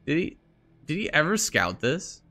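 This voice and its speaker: A man giving casual commentary over his own strategy game match, excitable and crude, swearing and mocking his opponent with frequent laughter. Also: fairly high pitch, moderate pace. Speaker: gaming streamer.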